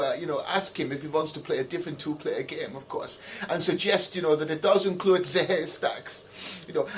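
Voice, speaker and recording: A man's voice: fairly high pitch, a little hiss or hum. Rambling man, mock-earnest and pompous. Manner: rambling, peppered with "of course", pompous mock sincerity. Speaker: comedy video host reading letters. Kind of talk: mock-earnest comedic letter answering.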